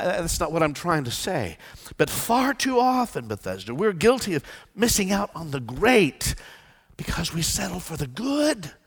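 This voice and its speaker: A man preaching a sermon as pastor, swinging from hushed pleading to loud declaration. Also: fairly high pitch, breathy edge. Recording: long church reverb.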